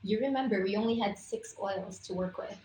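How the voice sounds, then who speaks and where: A woman's voice: mid-range voice, fairly quick, mellow, a little hiss or hum. A woman giving an enthusiastic, chatty product talk on a live stream over a video call. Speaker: guest presenter on essential oils. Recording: roomy echo, faint room ambience.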